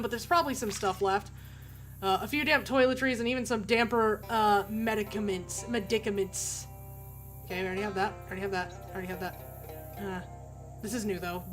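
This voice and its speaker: A woman's voice: a little high, fairly bright tone. Chatty woman streamer reading game text. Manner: wry, chatty, laughs often. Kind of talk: reading game text aloud while playing.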